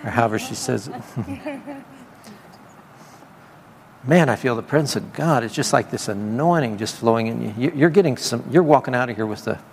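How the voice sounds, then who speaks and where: A sing-song, gravelly mid-range voice, a little mellow, moves at normal speed with frequent pauses. The man preaches and prophesies over people at a meeting, casual and chatty with laughter and repeated praise, in informal charismatic ministry recorded in a church meeting hall with long reverb and faint ambience.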